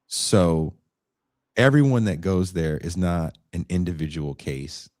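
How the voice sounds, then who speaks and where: Deep-voiced man telling a story. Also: takes it slowly, no room sound, clean studio sound. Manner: animated retelling with swearing and acted quotes. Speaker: podcast co-host. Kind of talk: casual chat, storytelling.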